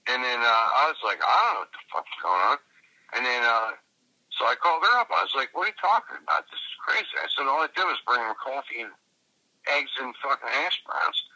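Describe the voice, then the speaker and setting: A man's voice: mid-range voice, animated, brisk, sharp tone. A man telling a long, profane story in casual conversation, full of fillers and restarts, recorded from a phone call. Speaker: interviewee.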